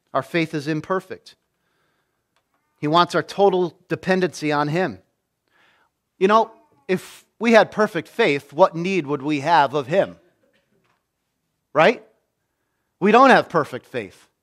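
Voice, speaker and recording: High-voiced man preaching a sermon. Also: expressive, a little slow, pauses often, a bit bright. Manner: emphatic, repeats key phrases, acts out quoted voices. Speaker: pastor.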